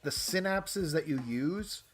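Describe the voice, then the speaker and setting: Soft music plays behind a man whose voice sits on the high side and who takes his time. Playing a visual novel, he animatedly voices its characters while reading the story and stops between lines to comment on it.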